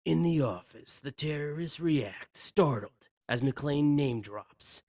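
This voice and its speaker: Guy reading script stage directions, slow, dry sound, trips on words. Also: on the high side, expressive, darkish tone, no echo. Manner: stumbles and restarts on words. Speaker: podcast co-host. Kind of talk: reading screenplay action lines aloud.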